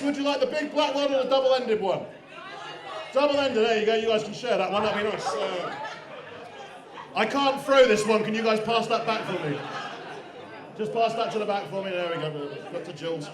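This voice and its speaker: A man hosting a live comedy show, teasing the crowd with crude banter. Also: high-pitched. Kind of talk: live stand-up compering. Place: comedy club stage. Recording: echoey club with loud crowd. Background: audience laughter and cheers.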